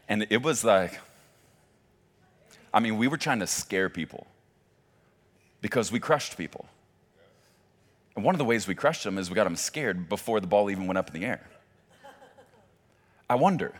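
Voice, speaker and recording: A man's voice: on the low side, lively intonation, a little slow, long pauses. A male pastor preaching a sermon with emphatic delivery and joking asides.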